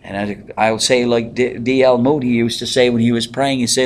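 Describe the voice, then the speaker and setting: A man leading a Bible study in a conversational way, pausing with fillers and asking the group questions. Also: medium pitch, flat delivery. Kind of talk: interactive Bible teaching.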